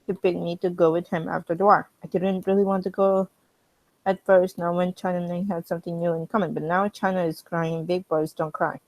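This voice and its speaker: Low-voiced woman reading a fan story, throat strained. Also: fairly quick, no echo, low-quality recording. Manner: steady, chatty asides between passages. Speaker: fan reading fanfiction in character.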